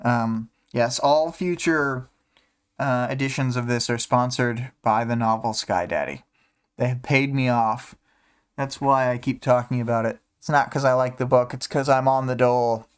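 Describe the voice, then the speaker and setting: A man's voice: mid-range voice, normal speed, clean tone. A man hosting a casual book discussion stream, rambling with many fillers and humming to himself between thoughts. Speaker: podcast host.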